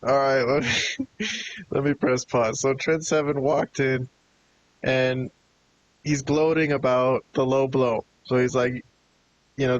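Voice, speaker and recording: A man giving a casual, laid-back review of a wrestling show, chatting and chuckling as he goes. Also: medium pitch. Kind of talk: casual video review commentary. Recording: dull lo-fi with hiss.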